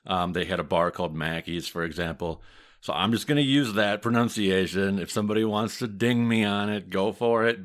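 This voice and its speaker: A man with a Midwestern American accent and a very deep voice hosts a casual podcast. He tells history in a steady, matter-of-fact way, with a touch of dry humor. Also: a little fast. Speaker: podcast host, mafia historian.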